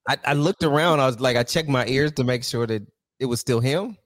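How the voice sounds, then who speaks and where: A man's voice: mid-range voice, a little fast, no room sound. Co-host dude teasing his buddy, regular mid voice, dry sound. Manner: teasing, playful questions. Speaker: podcast co-host. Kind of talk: casual podcast chat.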